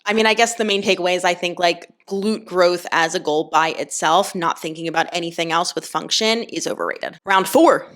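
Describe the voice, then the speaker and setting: A woman's voice: lowish voice, fairly even intonation, fairly quick, hardly any pauses, fairly bright tone. Chatty young woman, fitness trainer. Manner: chatty, explaining, many "like" fillers. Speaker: personal trainer. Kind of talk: casual chat to camera.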